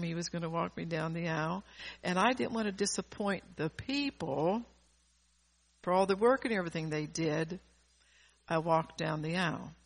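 Older woman, preacher, husky breathy voice, earnest, repeats herself. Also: lowish voice. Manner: earnest, repeats and restarts phrases. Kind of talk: sermon.

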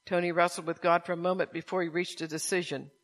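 A man preaches with a slightly high voice. He reads a story aloud, then turns to his listeners with pointed rhetorical questions about forgiveness. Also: little pitch movement, fast talker, fairly bright tone. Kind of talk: sermon with story reading.

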